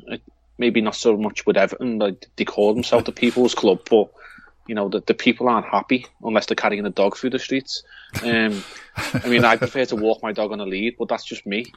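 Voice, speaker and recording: With no echo in the recording, a Liverpool-accented podcast co-host chats casually in a lowish, steady voice at a fairly quick pace. He rambles and hesitates, leaning on fillers and often starting his sentences over.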